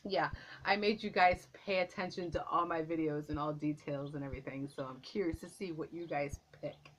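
A woman's voice: on the low side, fairly bright tone, a little hiss or hum, low-quality recording. A woman vlogger chatting to camera at home, gushing and repeating herself, a little out of breath. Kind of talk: casual chat to camera. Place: at home, indoors.

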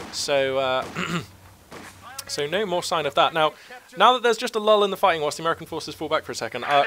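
A young man doing live match commentary, chatty and wry, with plenty of fillers and self-mocking asides. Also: on the high side. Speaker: game caster. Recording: game battle sounds and gunfire behind. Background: gunfire, vehicles and battle noise from the match.

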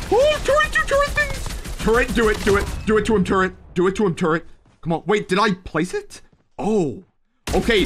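A man giving excitable, jokey live commentary on a shooter game, with sudden yelps. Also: sits high, background noise. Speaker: gaming streamer. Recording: game gunfire loud behind voice. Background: gunshots and game sound effects.

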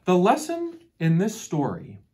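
This storyteller is a woman with a fairly low pitch, reading a picture book to children in a deliberate, expressive manner. At the end, she asks them about the story's lesson.

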